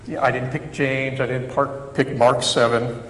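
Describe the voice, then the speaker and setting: A man preaching a sermon, talking to his congregation in a loose, conversational way and mixing quiet reflection with jokes at his own expense. His voice sits at an ordinary middle pitch. It rings through a large, reverberant sanctuary over a faint background hiss. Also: little pitch movement, measured pace. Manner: conversational and reflective, with self-deprecating humor. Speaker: chaplain preaching. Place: church sanctuary. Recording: echoey hall reverb, faint background noise.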